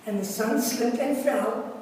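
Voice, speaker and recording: A woman preacher delivering a sermon in a church sanctuary, with a slow, deliberate delivery and measured pauses. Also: fairly high pitch, darkish tone. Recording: echoey church hall from far off, faint hiss.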